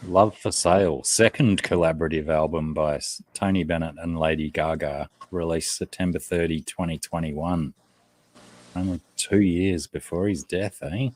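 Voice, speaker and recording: A man's voice: low-pitched, steady tone, normal speed, darkish tone, no room sound. A man in a casual livestream chat who reads facts aloud in between his short remarks.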